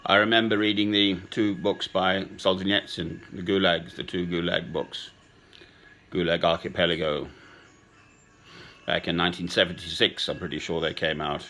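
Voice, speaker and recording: A man in his sixties talking in a slow, sentimental, rambling personal monologue with chuckles. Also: low voice, fairly even intonation, bright, forceful tone. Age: 60s. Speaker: speaker addressing a woman.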